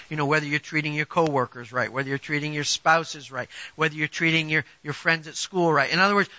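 A man delivers a sermon in a high voice with a sharp, bright edge. He talks to the congregation conversationally but with emphasis, pressing rhetorical questions. The recording is dry and a touch dull. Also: no echo. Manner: conversational, personal examples. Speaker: preacher.

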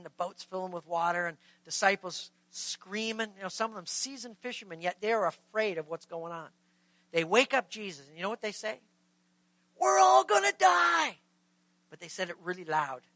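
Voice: medium pitch, dry recording, rough recording. A pastor preaching a sermon in a conversational way, asking the congregation rhetorical questions and acting out scripture dialogue. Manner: acts out scripture dialogue in lively voices.

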